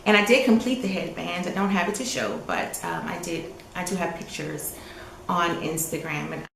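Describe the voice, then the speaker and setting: A woman's voice: on the low side, animated, moderate pace, vocal fry, a bit bright, echoey room, slight background noise, rough recording. A woman co-hosting a podcast, chatting with enthusiasm about her knitting and often trailing off. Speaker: podcast co-host. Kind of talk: casual chat about knitting.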